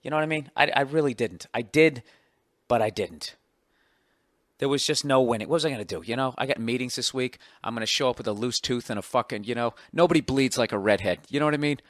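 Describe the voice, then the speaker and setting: A man in his forties with a Boston accent, telling a profane, exasperated story with sudden loud outbursts on his podcast. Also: medium pitch, fast, no echo, studio quality. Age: 40s. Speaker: podcast host. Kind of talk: ranting comic monologue.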